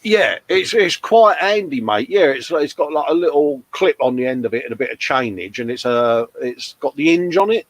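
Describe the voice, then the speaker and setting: A man's voice: fairly high pitch, expressive, moderate pace, few pauses, no echo. Chatty British man, dry close sound. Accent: British English. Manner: chatty, jokey, says "mate" a lot. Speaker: livestream co-host. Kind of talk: casual chat reading viewer comments.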